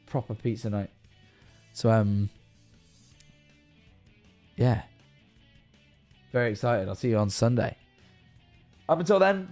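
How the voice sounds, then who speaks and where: This young man sounds very tired as he hosts a livestream, loosely chatting his way through the sign-off. His voice is medium in pitch with a darkish tone, and he rambles and swears now and then.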